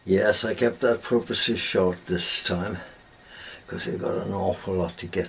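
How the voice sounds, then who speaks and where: An older man hosting his own show in a chatty, relaxed way. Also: low-pitched, moderate pace, creaky, highs cut off, a little hiss or hum. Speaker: host. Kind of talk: casual chat.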